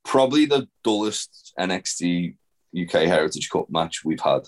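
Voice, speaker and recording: Low-pitched yet very animated, a man co-hosting a podcast recaps wrestling at a moderate pace. He rambles casually, swears freely, and leans on fillers.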